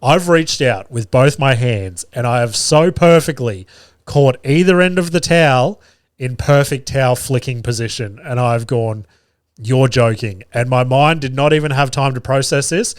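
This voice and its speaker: A man in his thirties hosting a podcast, telling a profane, lively anecdote about his family with frequent laughter. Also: mid-range voice, normal speed, no echo, clean studio sound. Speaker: podcast host. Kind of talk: casual storytelling.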